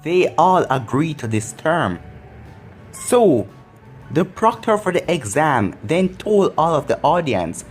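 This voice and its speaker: A narrator reading a fan story aloud in a plain, even storybook manner. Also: mid-range voice, takes it slowly, soft background music.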